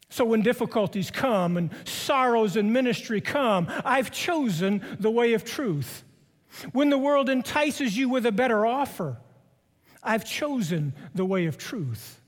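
A middle-aged man preaches in a very high voice, leaning hard on repeated phrases. His words ring out with a long reverb, as if from a large chapel. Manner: slow, emphatic repetition of key phrases. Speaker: preaching professor. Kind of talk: sermon.

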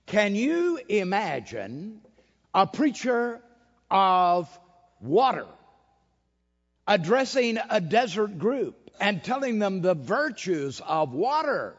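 Man, preacher, emphatic storytelling sermon, somewhat high voice, long hall reverb, dull lo-fi sound. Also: sing-song, slow.

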